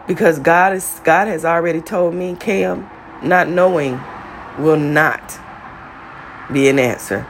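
Speaking slowly, a woman delivers an impassioned, preacherly testimony, blunt and profane, as she tells her story to listeners. When retelling events she builds to a high, shouted pitch, with slight background noise in the recording.

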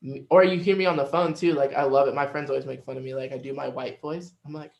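A man's voice: mid-range voice, steady tone, quick pace, creaky, reverberant, highs cut off. Chatty male podcast guest. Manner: chatty, rambling, lots of fillers. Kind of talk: casual podcast conversation.

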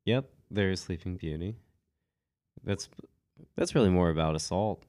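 A man co-hosting a podcast with a cold, telling stories in a relaxed chatty way with lots of "like" and small laughs. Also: sits low, measured pace, no room sound, clean studio sound. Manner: relaxed storytelling with frequent "like" and laughs. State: has a cold. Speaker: podcast co-host. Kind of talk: casual chat.

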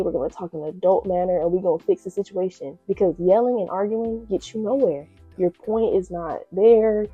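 A woman's voice: medium pitch, mellow, breathy edge, dry recording. A young woman hosting a faith-based solo podcast, talking earnestly and conversationally, repeating phrases for emphasis. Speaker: podcast host.

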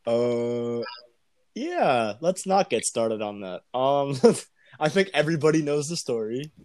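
A man's voice: mid-range voice, sing-song, takes it slowly, darkish tone, no echo. A young man hosting a casual podcast chat, slangy and rambling, laughing often over an online call. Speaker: podcast host.

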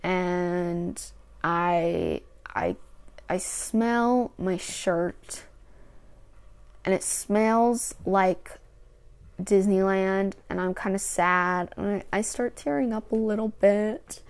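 A woman's voice: medium pitch, expressive, very slow, smooth. Chatty young woman rambling a story. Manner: rambling and chatty, many fillers and restarts. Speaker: podcast host. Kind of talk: casual storytelling monologue.

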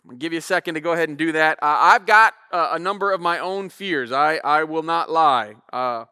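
Bright-voiced man pastor telling stories. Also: fairly high pitch, fairly quick, smooth, dry recording, studio quality. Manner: animated storyteller, acts out voices. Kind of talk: casual sermon storytelling.

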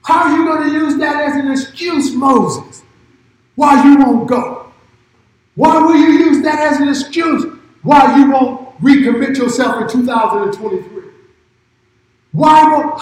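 A man preaching a sermon as pastor, shouting in rising bursts and dropping low and quiet in between. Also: measured pace, heavy reverb, poor audio.

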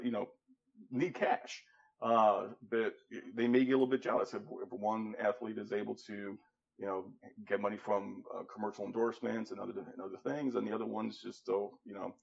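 A man's voice: on the low side, creaky. A man co-hosting a casual sports podcast, speaking hesitantly with many fillers and trailing asides, on a dull lo-fi recording. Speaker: podcast co-host. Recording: dull lo-fi sound.

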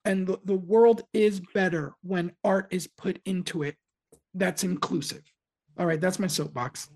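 A woman speaking as a podcast guest, an earnest voice actor talking in halting bursts with many restarts. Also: lowish voice, fairly even intonation, a little mellow. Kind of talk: casual podcast chat.

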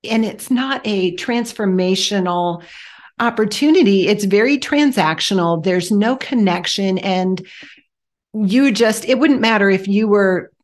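A woman's voice: mid-range voice, a little slow. Woman co-host reflecting in lists. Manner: reflective, builds points in lists. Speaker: podcast co-host. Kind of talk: casual conversational podcast.

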